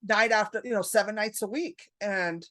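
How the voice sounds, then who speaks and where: A woman comedian, a podcast guest, telling stories in a lively, profane way and acting out her own panic. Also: mid-range voice, moderate pace, no room sound, clean studio sound. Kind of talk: casual podcast storytelling.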